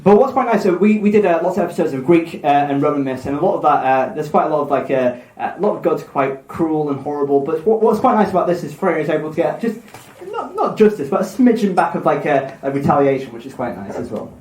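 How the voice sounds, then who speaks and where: A man hosting a live podcast, retelling a myth in a rambling, self-mocking way with quick asides. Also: fairly high pitch, expressive, a little mellow. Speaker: podcast host. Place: live event room with audience. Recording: echoey live room, faint noise.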